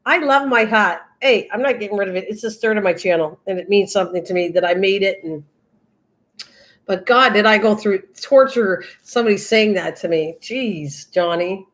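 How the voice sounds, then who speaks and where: A woman's voice: medium pitch, moderate pace. An older woman hosting a casual craft livestream, chatting in a rambling way and laughing often as she talks to viewers by name.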